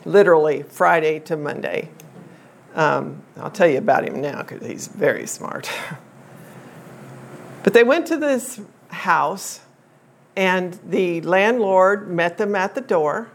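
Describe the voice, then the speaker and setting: A woman's voice: lowish voice, lively intonation, gravelly, a little hiss or hum. Older woman telling a family story. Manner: chatty, unhurried, with many um fillers and restarts. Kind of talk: personal storytelling to an audience.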